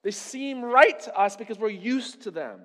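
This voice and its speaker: High-voiced preacher in an echoing hall. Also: male voice, expressive, moderate pace, bright, forceful tone. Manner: conversational preaching with rhetorical questions. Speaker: pastor. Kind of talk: sermon.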